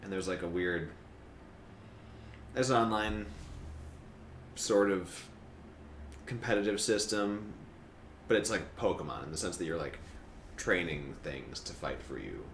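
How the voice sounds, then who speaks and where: A man's voice: sits low, measured pace, pauses often. A man co-hosting a podcast, chatting casually and animatedly about games and laughing often. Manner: animated storyteller who laughs and puts on silly voices. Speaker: podcast co-host. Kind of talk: casual chat. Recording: roomy echo with faint ambient noise.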